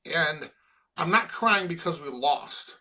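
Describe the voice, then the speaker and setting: A man's voice: on the high side, expressive, bright, forceful tone. A middle-aged man from Chicago, a former college football player, talking earnestly in an interview and often restarting his sentences. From Chicago, USA. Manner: earnest, halting with many restarts. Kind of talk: emotional interview conversation.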